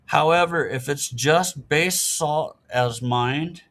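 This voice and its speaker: A middle-aged podcast guest with a fairly bright voice on the high side takes things slowly. During casual interview talk, he explains points earnestly and in a matter-of-fact manner.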